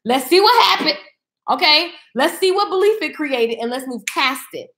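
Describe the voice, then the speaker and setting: A woman's voice: sits high, expressive, normal speed, a bit bright. A woman hosting a casual live-stream chat, blunt and sassy, talking in a no-nonsense way. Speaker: host of a live video chat. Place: indoors at home. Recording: echoey room.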